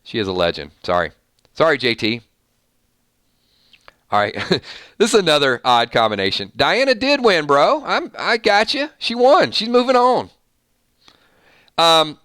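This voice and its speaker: A man's voice: a little high, very animated, unhurried, pauses often, sharp tone, dry recording, clean studio sound. A man hosting a live-stream chat, playfully reading out viewer votes on music matchups. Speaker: host.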